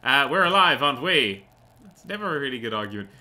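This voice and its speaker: A man's voice: medium pitch, big pitch swings, fast, sharp tone. A man hosting a let's play, giving rambling, sarcastic gaming commentary that keeps going off on tangents and casually swears. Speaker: host of a gaming channel.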